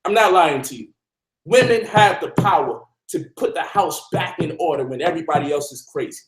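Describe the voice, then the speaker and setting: A man with a high voice preaches to his listeners in an emphatic, animated way. He speaks as the host of an online talk, and his voice bounces around an echoey room. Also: fairly quick.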